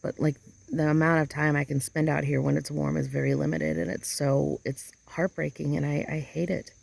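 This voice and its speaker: A woman's voice: low-pitched, flat delivery, normal speed, gravelly, a little mellow, dry recording. A woman talking casually in an outdoor vlog, rambling and emotional as she hunts for the right words. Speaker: vlogger. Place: outdoors in a yard chair.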